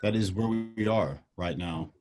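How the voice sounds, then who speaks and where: A man in a casual discussion, speaking in an earnest, measured way with many fillers. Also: fairly low pitch, a little mellow.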